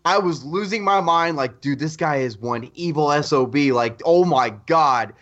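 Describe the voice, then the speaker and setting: A man co-hosting a podcast, telling stories in an animated, excitable casual chat. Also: on the high side, moderate pace. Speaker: podcast co-host. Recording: dull lo-fi audio.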